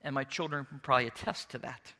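A middle-aged male pastor preaching a sermon as an expressive storyteller who slips into character voices. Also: medium pitch, quick pace, big-room sound.

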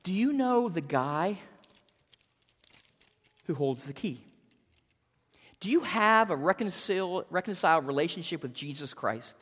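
A pastor in their fifties preaching a sermon in an earnest, animated way, often repeating words. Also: mid-range voice, unhurried, pauses often, in a large hall. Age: 50s.

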